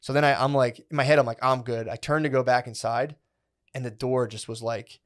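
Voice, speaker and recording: A man co-hosting a comedy podcast, telling a long rambling story in an animated way, full of swearing and filler words. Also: medium pitch, fairly quick. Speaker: podcast co-host.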